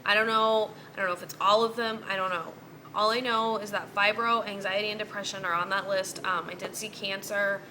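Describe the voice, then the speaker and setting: A woman's voice: mid-range voice, steady tone, a little fast, sharp tone, slight background noise. A young woman in a casual vlog, venting bluntly and cursing freely. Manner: blunt, heavy cursing, exasperated. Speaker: vlogger.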